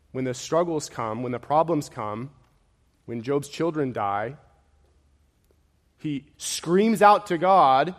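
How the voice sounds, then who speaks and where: Male preacher, unhurried emphatic sermon delivery, long reverb from a large hall. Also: on the high side. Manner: emphatic, repetitive preaching with rising and falling intensity.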